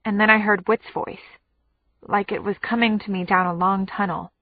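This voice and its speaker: A woman narrating an audiobook in the first person, in a measured, anxious tone. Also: mid-range voice, steady tone. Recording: tinny phone-like audio.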